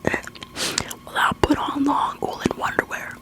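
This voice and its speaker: A woman's voice: takes it slowly, natural voice. A woman voicing a plain-spoken small-town male sheriff in an unvoiced whisper, as whispered role-play. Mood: boastful.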